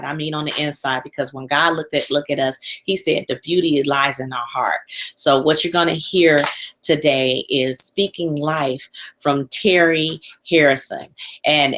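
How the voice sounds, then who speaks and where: A woman's voice: low voice, fairly bright tone. A woman hosting a live online webinar, gushing and repetitive as she talks straight to her audience before introducing a guest. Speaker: webinar host.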